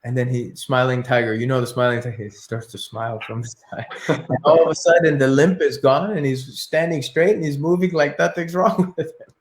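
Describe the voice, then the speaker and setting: A martial arts teacher telling a story in an interview, animated and acting out his inner thoughts. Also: medium pitch, fairly quick. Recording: echoey room.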